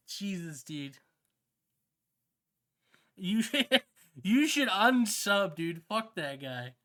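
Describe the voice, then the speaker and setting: A livestreamer talks loosely with viewers, full of slang and curses and quick to laugh. The voice swings widely in pitch, rising high when excited. It has a bright, forward tone. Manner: slangy, swears a lot, keeps saying "bro"; emotional and excitable, often laughing. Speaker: streamer. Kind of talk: casual livestream chat with viewers.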